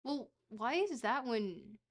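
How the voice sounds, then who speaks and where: Chatty streamer woman, higher voice, unhurried. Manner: rambling, self-mocking, bursts into excited shouts. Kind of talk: casual live-stream chat while playing a geography guessing game.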